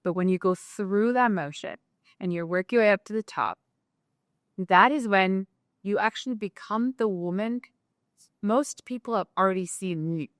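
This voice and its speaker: A woman guest on an interview show, talking in a casual, animated way with lots of "like" fillers. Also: medium pitch, moderate pace, dry recording, clean studio sound. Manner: animated, talkative, many "like" fillers. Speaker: guest entrepreneur.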